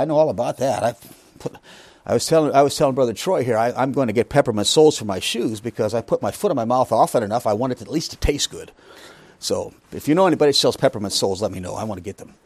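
A man's voice: a little high, no echo. A man preaching a Bible lesson, emphatic, asking rhetorical questions and making joking asides. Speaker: pastor teaching a Bible study. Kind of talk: sermon.

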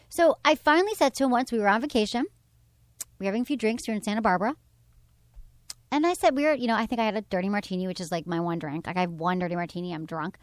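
A medium-pitched woman talks fast in a dry recording. She's the host of a sex and dating advice show, offering casual advice chat in a frank, animated way and reading aloud from her blog.

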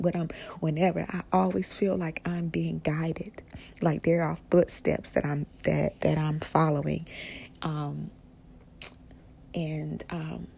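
A woman hosting a casual spiritual podcast, speaking softly and often slipping into a whisper, rambling with restarts. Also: sits low, creaky. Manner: soft-spoken, often drifting into a whisper. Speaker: podcast host.

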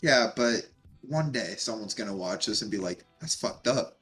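Deadpan co-host guy on a call. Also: fairly low pitch, moderate pace, husky, soft background music. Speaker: podcast co-host. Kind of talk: casual chat.

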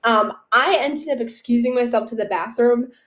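A young adult woman co-hosting a podcast, telling stories in animated casual chat full of swearing. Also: on the high side, moderate pace. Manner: profane, animated storytelling. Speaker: podcast co-host.

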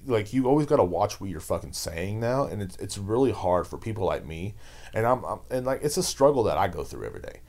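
A man's voice: low voice, a little mellow. A man hosting his own podcast, ranting on his own in a rambling, fired-up way, swearing constantly. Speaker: podcast host. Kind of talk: casual solo rant.

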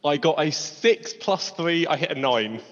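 A man's voice: a little high, animated, a little slow, a bit bright. A man playing a tabletop game, describing his moves in a playful, gleeful way. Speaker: player. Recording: dull roomy recording with long reverb.

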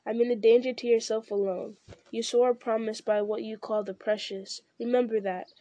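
A woman's voice: on the high side, fairly even intonation, normal speed, warm tone, dry recording, muffled recording, lightly acted. A woman voicing a stern young male hero in an audiobook reading, speaking firmly and emphatically.

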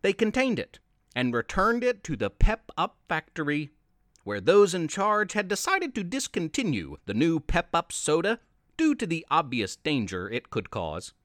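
A man reading a playful storybook tale aloud as host, with an expressive storytelling manner. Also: a little high, moderate pace, dry recording, studio quality. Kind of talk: storybook narration.

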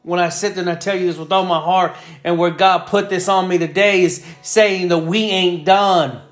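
A man's voice: high-pitched, steady tone, moderate pace, a bit bright, soft background music. A man preaching a sermon with fervor, repeating phrases and building in intensity. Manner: fervent, repetitive, builds in intensity.

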